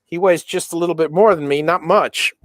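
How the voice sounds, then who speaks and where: A middle-aged man hosting a relaxed live chat while soldering, telling rambling stories with many restarts. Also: a little high, brisk, no echo, clean studio sound. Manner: rambling, self-interrupting storyteller. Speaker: livestream host.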